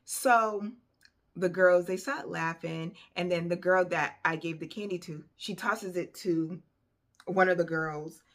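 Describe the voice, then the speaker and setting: A woman telling a personal story in a casual vlog, animated and conversational, with plenty of fillers. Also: on the low side, unhurried. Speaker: vlogger.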